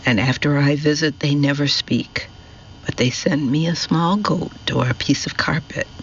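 A man's voice: on the high side, normal speed, dull audio, a little hiss or hum, lightly acted. A man doing a scornful, menacing old woman. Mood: hissing.

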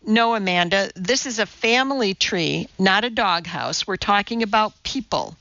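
A woman's voice: expressive, normal speed, no room sound. A woman voicing a strict, irritable kindergarten teacher who huffs and snaps at the children, on a dull, dry recording. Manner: sharp, huffy and shrill when scolding.

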